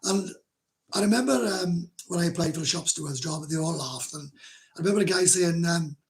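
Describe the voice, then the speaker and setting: Reading comments on his casual livestream, a middle-aged Welsh host rambles bluntly, swears freely, and laughs a lot. His voice is creaky and on the high side, and his pace is a little fast.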